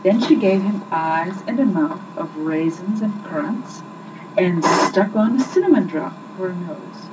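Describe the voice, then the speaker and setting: A woman reads a children's story aloud with lively expression, her pitch swinging up and down. She sounds far from the mic. The recording is muffled and has loud background hiss. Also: unhurried.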